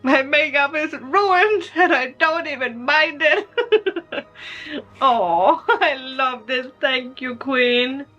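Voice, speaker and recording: A woman's voice: high voice, slow, bright, forceful tone, lo-fi sound, faint music behind. A woman vlogger unboxing gifts, giggly and tearful, gushing with happy emotion. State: crying happily. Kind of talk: emotional gift unboxing vlog.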